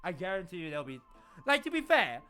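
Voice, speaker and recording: A man's voice: high-pitched, brisk, smooth, soft background music. A young man, chatting animatedly while streaming a game. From Malaysia. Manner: chatty, animated, laughs often. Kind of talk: casual gameplay commentary.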